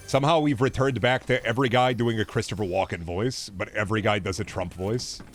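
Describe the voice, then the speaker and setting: A man's voice: on the low side, steady tone, brisk, hardly any pauses, soft background music. A young man streaming a game, riffing in a profane, sarcastic way in casual chatter.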